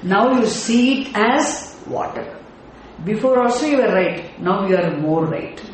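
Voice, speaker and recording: A teacher giving a scripture class, explaining terms deliberately, checking in with the class through rhetorical questions and now and then chanting words in a sing-song way. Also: mid-range voice, lively intonation, slight background noise. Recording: very echoey room with faint ambience.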